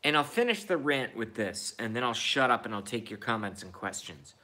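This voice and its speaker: A man's voice: mid-range voice, lively intonation, brisk, sharp tone. A man in his thirties ranting in a profane, repetitive and indignant monologue. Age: 30s. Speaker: vlogger.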